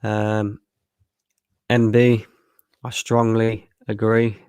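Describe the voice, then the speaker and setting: A man's voice: lowish voice, completely flat delivery, extremely slow, a little mellow, clean tone, no echo. Man, tired live watchalong streamer, blunt and sweary, dry close sound. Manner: frustrated, blunt, swears freely. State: tired after a long work shift. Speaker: fan channel streamer. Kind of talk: live match watchalong commentary.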